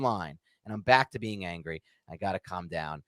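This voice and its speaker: A stressed man co-hosting a sports podcast, ranting heatedly and swinging between loud outbursts and muttered calm. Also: low voice, normal speed, no echo. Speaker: podcast co-host. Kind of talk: casual sports podcast rant.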